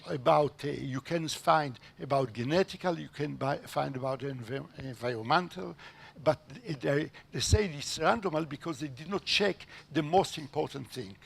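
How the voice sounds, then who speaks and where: A man giving a halting conference talk as a panel speaker, with many hesitations. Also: fairly high pitch, creaky, husky.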